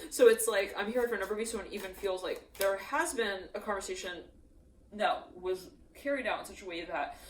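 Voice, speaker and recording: A woman's voice: medium pitch, fairly quick, slight background noise. A woman giving a channeled tarot reading in a loose, rambling way, acting out quoted voices as she goes. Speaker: tarot reader. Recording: echoey room, mic at a distance.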